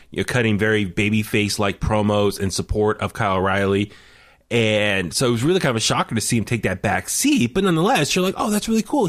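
A young man co-hosting a casual chat show, excitable and laughing often, with plenty of fillers. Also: lowish voice. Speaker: podcast co-host.

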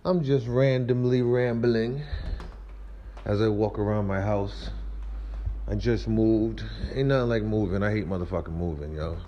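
A man's voice: a little slow, lo-fi sound, slight background noise. A man, rambling and ranting with profanity as he walks around his house. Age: 30s. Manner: animated, ranting, profane, swings between high squeals and low mumbles. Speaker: vlogger. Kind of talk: rambling comedic monologue.

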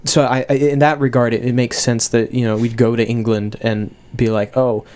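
Flat-voiced young American man. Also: medium pitch, moderate pace, clean tone. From United States. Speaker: actor guest on radio show. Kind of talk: casual radio interview chat.

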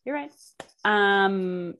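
A woman's voice: medium pitch, expressive, extremely slow, fairly bright tone, muffled recording, a little hiss or hum. A woman co-hosting a podcast in casual banter, dry and understated as she leads the questions. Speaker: podcast co-host.

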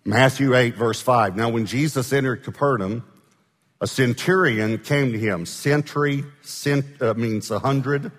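A man's voice: medium pitch, unhurried, in a large hall. A male pastor telling a story in a sermon, talking conversationally and often checking in with his listeners.

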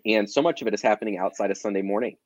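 A man's voice: on the low side, rapid-fire, darkish tone, no room sound. A man co-hosting a podcast, speaking in earnest, flowing casual chat. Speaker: podcast co-host. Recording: dull lo-fi sound.

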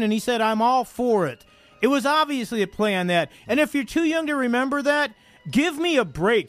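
A sports talk co-host ranting in a blunt, exasperated way during a heated debate. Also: male voice, very high-pitched, fairly bright tone, dry recording.

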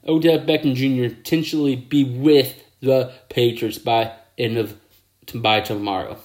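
A man hosting his own football picks show, excitable, with catchphrases and mouth sound effects. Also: mid-range voice. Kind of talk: casual sports picks video.

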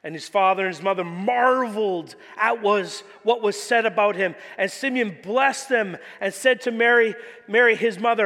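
A man's voice: high voice, normal speed, few pauses, fairly bright tone, big-room sound. A man preaching a sermon as pastor, telling stories animatedly with casual fillers like "like" and "you know.". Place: church hall.

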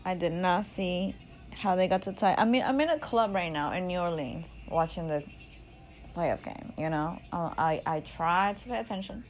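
A woman casually telling a story in an animated, profane, slangy way, often laughing. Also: on the low side, normal speed, slight background noise, rough recording. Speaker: storyteller recounting a game.

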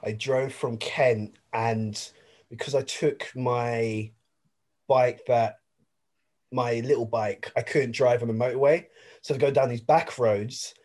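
Man, english accent, young adult, podcast host, rambling casual chat, middle pitch. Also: steady tone, takes it slowly, a little mellow. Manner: rambling, storytelling with fillers.

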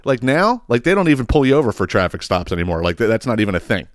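A low-voiced man rattles through a story at a fast clip, swearing freely and circling back on his own words. The sound is close and dry, with no room echo. He talks in a casual, exasperated rant. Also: very animated. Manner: profane, exasperated, rambling with repeated words. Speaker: podcast host.

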